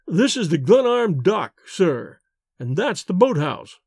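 A man voicing a calm, respectful male servant in a storybook, polite and unruffled. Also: sits high, slow, slightly rough, no room sound, studio quality, full character voice. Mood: deferential. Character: calm, deferential male manservant.

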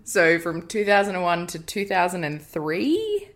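Australian woman, podcast co-host, low-ish, blunt and sweary. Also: big pitch swings, unhurried, background noise. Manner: blunt, reads notes aloud with swearing asides. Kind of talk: casual chat.

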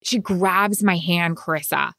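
A woman with a slightly low voice tells a heartfelt story in casual podcast conversation. She is emotional and animated. The sound is dry and close. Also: a little slow, no room sound. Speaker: guest. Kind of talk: casual chat.

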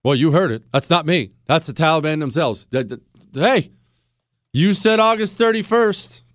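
Man, radio host, sarcastic monologue, fairly high voice, dry studio mic. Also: expressive, moderate pace, no echo. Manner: sarcastic, mocking, acts out quoted voices. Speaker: radio talk show host. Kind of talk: opinionated talk radio monologue.

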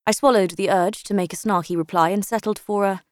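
Woman narrator, wry storytelling, middle pitch, dry booth sound. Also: fairly even intonation, a little fast, a little mellow, dry recording. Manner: wry, dryly sardonic storytelling. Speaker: audiobook narrator. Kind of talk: first-person scripted narration.

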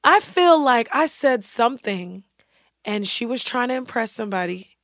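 A young woman chatting casually, blunt and animated, swearing freely and acting out quotes. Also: fairly high pitch, normal speed, dry recording, studio quality. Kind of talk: casual chat.

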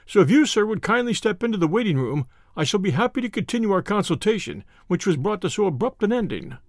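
A man's voice: high voice, sing-song, fast talker, no room sound, studio quality. A man playing a composed, courteous doctor. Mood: amused.

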